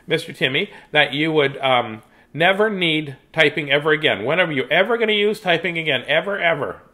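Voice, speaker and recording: A woman's voice: low-pitched, lively intonation, a little fast, sharp tone, pitched above the performer's own voice. A man putting on a stern old lady teacher. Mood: triumphant. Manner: scolding, triumphant. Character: stern ninety-something woman typing teacher.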